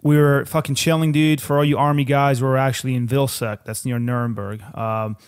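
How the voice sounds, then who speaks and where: A man's voice: medium pitch, flat delivery, a little fast, smooth. A young man co-hosting a podcast, telling a travel story in casual chat, profane and rambling, saying "dude" constantly. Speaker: podcast co-host.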